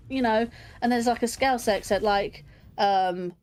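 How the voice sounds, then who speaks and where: A woman's voice: a little high, fairly even intonation, normal speed, darkish tone. An English woman speaks in a slightly raised voice, her accent a blend of London and standard Southern English. She rambles cheerfully through casual chat over gameplay, working out her thoughts as she goes. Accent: London English mixed with standard Southern English. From England. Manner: rambling, thinking aloud, chatty.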